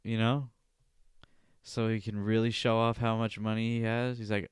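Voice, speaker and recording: A man delivers a solo podcast rant in a smooth, clear voice, cursing freely and jabbing "all right?" into his points. The sound is close and dry, with no room around it. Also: fairly low pitch, fairly even intonation, normal speed, long pauses, dry recording. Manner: profane, indignant, ranting; repeats "all right?" as a verbal tic. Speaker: podcast host.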